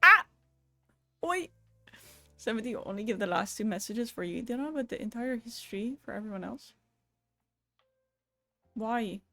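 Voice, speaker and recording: A woman's voice: on the high side, animated, moderate pace, pauses often, pushed and bright, no room sound, soft background music. A woman chatting casually on a live stream, laughing often, swearing now and then and switching between languages.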